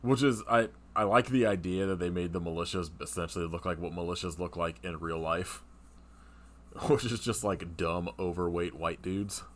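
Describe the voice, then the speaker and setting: A man's voice: low voice, moderate pace. A man co-hosting a podcast, chatting casually about a movie, swearing and laughing often. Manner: profane, laughs often, animated retelling. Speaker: podcast co-host. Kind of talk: casual movie review chat.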